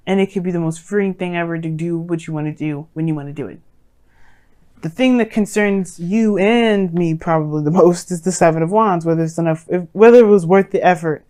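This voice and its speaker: Casual woman tarot reader, a bit croaky, lowish voice, talks in loose sassy asides. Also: a little mellow. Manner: rambling, chatty, sassy, lots of fillers. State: slightly hoarse, croaky voice. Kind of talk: casual tarot reading to viewers.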